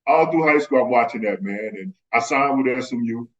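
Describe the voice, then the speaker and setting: A man's voice: medium pitch, fairly quick, muffled recording. A man, a guest telling stories in casual chat and acting out the voices of the people in them. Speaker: guest, former pro basketball player. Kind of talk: casual storytelling.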